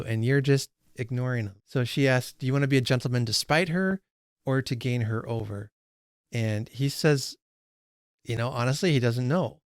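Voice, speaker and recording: A man's voice: medium pitch, no room sound, studio quality. A man hosting a book read-along, talking casually about a novel with many fillers. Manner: conversational, frequent fillers and restarts. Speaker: book channel host.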